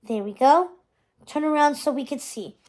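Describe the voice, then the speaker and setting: A woman reading the lines of a polite, smooth older gentleman jeweler in a storybook. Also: high voice, moderate pace, lightly acted. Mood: courteous.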